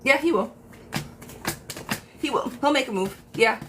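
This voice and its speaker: A woman hosts a live tarot reading stream, chatting warmly with viewers and greeting them by name. Her voice is high and animated, her pace unhurried, and there is some background noise.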